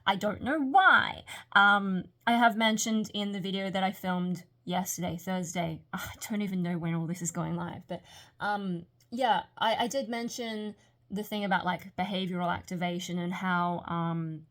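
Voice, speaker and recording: A woman's voice: mid-range voice, steady tone, normal speed, fairly bright tone. A woman rambling candidly in a late-night vlog monologue, her speech a little hampered by a retainer. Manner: rambling, candid, self-reflective. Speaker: vlogger.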